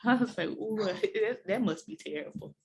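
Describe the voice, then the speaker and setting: Expressive woman riffing in a lively way. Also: medium pitch, normal speed, noisy background. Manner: expressive, jokey, swings between loud and soft. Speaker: podcast co-host. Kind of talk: casual TV recap chat.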